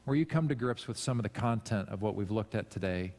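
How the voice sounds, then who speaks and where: A man's voice: on the low side, expressive, quick pace, darkish tone. A man preaching a sermon to his congregation, conversational and self-deprecating, with emphatic rises. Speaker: pastor. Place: church sanctuary. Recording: long hall reverb.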